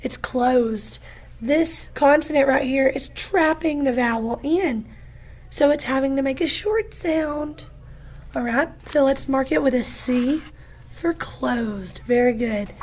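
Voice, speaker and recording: A woman teacher giving a phonics lesson, patient and encouraging, repeating each word slowly for young students. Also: high-pitched, darkish tone. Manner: slow, patient, encouraging, repeats words aloud.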